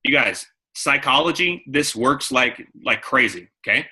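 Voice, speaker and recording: A man's voice: medium pitch, animated, a little slow, sharp tone, husky, rough recording. A man giving a coaching talk to his sales team, repeating key points and acting out phone calls. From San Diego. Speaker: network marketing trainer.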